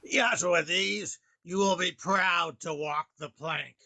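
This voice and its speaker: A man's voice: high voice, takes it slowly, creaky, sharp tone, heavily acted. A man playing a hearty pirate sailor in an online improv game, growling his lines.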